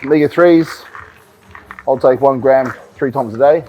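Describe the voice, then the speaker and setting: A man who is a bodybuilder and coach, talking casually to the camera in a vlog, explaining things in a relaxed way with frequent ums and repeated words. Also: medium pitch, a little slow, highs cut off, a little hiss or hum.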